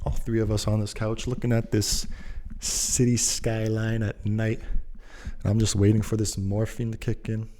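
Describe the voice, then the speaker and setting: A man's voice: lowish voice, monotone, moderate pace, dark tone. A young man telling a story in a casual, rambling, slangy, laid-back way.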